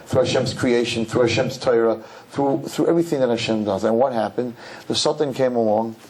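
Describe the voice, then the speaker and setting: A middle-aged rabbi giving an animated sermon in a synagogue, joking with the audience and acting out quotes in high voices. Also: male voice, a little hiss or hum. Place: synagogue hall.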